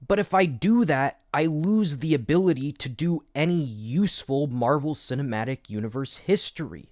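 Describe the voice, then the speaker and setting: A man's voice: fairly high pitch, expressive, moderate pace, hardly any pauses, a little mellow, dry recording, studio quality. A man hosting an educational video essay, explaining history with wry, jokey asides. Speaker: educational YouTube host.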